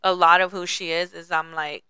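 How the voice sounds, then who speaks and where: A woman's voice: on the low side, level tone, normal speed, pushed and bright. A woman in her forties co-hosting a podcast, talking candidly in casual chat and swearing freely. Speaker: podcast co-host.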